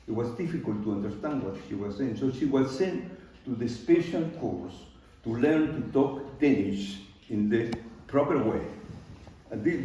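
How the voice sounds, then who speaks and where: An older man from Peru with a Peruvian Spanish accent, a native Spanish speaker, giving an unhurried live talk with loose grammar and frequent pauses. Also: mid-range voice, mellow, a little hiss or hum. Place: large art studio. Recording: very echoey room from far off, dull.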